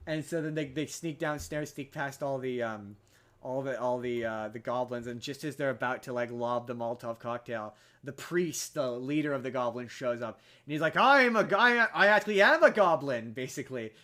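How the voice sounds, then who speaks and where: A man hosting a podcast walks through a movie's story in a steady tone at a moderate pace. He rambles casually, restarts repeatedly and jumps into high voices for the characters' lines.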